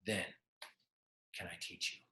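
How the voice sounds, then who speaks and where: A man's voice: bright, forceful tone, a little hiss or hum. A man doing a stern old wise sage. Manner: slow, stern, terse. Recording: roomy echo.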